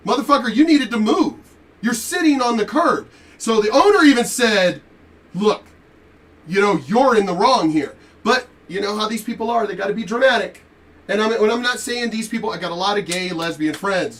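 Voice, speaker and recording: A man telling a story in a profane, animated rant while commenting on a reaction video. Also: high voice, normal speed, recorded from a distance. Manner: animated, profane, laughing asides.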